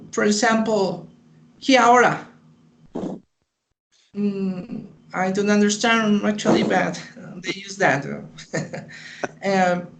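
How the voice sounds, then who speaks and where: Male student whose first language is Spanish, halting, very slow delivery, a bit gravelly. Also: high-pitched, fairly bright tone, poor audio. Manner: halting, many fillers and restarts. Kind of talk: presenting research in class.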